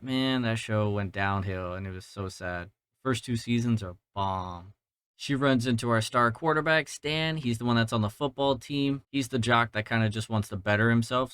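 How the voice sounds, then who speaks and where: A man's voice: medium pitch, fairly bright tone, clear, resonant tone, no room sound. Young male podcast host from Georgia, casual profane movie talk, resonant tone, dry close mic. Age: 20s. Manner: rambling, profane, self-deprecating. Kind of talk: casual movie review monologue. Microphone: mounted podcast mic.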